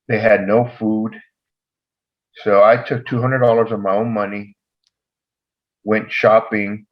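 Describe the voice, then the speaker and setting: Male podcast co-host, husky low voice, lively storyteller, dull recording. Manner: animated, acts out dialogue in the story. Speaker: podcast co-host, former probation officer. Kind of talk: casual storytelling.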